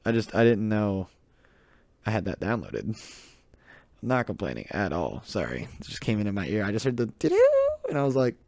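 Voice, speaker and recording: His pitch swoops wildly as this Southern US teen rambles through his solo podcast, laughing often and joking about himself. The lowish, darkish voice has vocal fry, a moderate pace and frequent pauses, captured on a close desk mic with no room sound.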